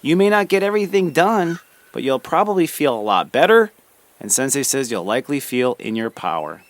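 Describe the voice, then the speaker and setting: A man's voice: medium pitch, very animated, a little fast, no room sound. Encouraging man, dry close sound. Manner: gentle, encouraging, addresses listener as friend. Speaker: spiritual podcast host. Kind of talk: motivational daily talk.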